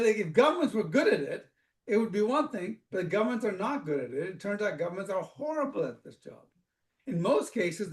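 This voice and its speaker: A man from Africa gives a storytelling talk as a guest speaker. His voice sits high and his delivery is animated and conversational, with frequent restarts. The room has a strong echo. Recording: echoey room.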